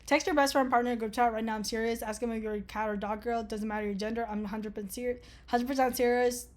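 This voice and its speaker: A woman's voice: a little high, fairly even intonation, fast. A young woman casually talking through an online quiz, sarcastic and swearing freely. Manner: sarcastic, swears a lot, laughs often. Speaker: vlogger taking an online quiz. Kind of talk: casual commentary reading a quiz aloud.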